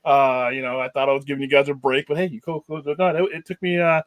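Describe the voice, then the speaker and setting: A man's voice: on the high side, level tone, quick pace, no echo. A man hosting a casual live stream, joking, rambling and laughing often. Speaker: host.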